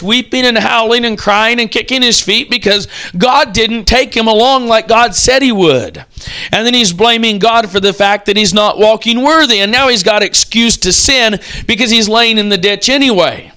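High, bright-voiced male preacher. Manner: vivid storytelling, acts out quotes. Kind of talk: sermon.

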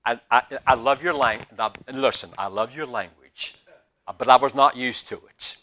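An older man with a Southern US accent preaching a sermon, telling stories with big swings between loud and soft. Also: mid-range voice, normal speed. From Southern United States. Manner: animated storytelling with big swings in loudness.

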